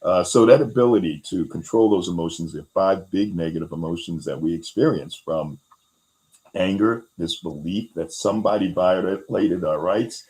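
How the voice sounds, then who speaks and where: A man with a very low voice talks a guest through ideas about resilience. He keeps it casual, with plenty of fillers, and he briefly acts out little quotes as he goes. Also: normal speed, darkish tone, poor audio. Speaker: host. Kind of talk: explaining resilience skills in a conversation.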